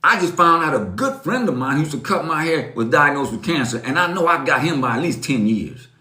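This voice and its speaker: A man's voice: a little high, lively intonation, brisk, pushed and bright, reverberant. Emphatic, preachy man in his fifties. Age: 50s. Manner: preachy, emphatic, repeats lines, addresses viewers as folks. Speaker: motivational live-stream host. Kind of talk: motivational live-stream talk.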